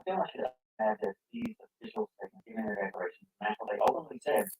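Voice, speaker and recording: A man's voice: high-pitched, very animated, fast talker, gravelly, breathy edge, rough recording. A man reading scripted commentary and building his case through rhetorical questions. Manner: argumentative, poses rhetorical questions. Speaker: commentary narrator.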